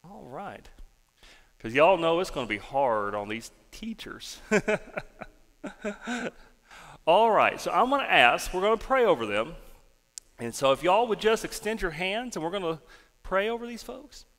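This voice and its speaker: A man's voice: high voice, a little slow, pauses often, big-room sound. A male pastor giving a folksy children's sermon and prayer in a church sanctuary. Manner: animated storytelling, folksy.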